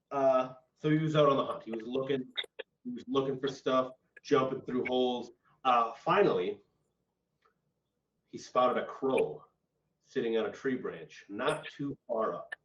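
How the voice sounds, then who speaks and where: A man hosting an improv game online and telling a story in a relaxed, rambling way over a video call. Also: medium pitch, a little hiss or hum. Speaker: improv host. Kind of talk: casual storytelling. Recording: dull echoey audio from far off.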